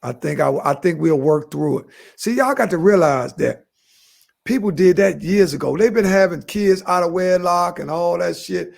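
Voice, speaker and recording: A man in his fifties with a high, gravelly voice, co-hosting a casual podcast. He spins stories with lots of energy, swears freely and breaks into laughter. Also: normal speed. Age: 50s. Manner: animated storyteller, swearing and laughing. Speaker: podcast co-host. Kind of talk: casual chat.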